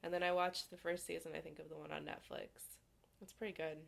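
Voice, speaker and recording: A young woman with a Minnesotan accent chatting casually as a podcast co-host, easygoing and quick to giggle. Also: low-pitched, flat delivery, gravelly. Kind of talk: casual chat.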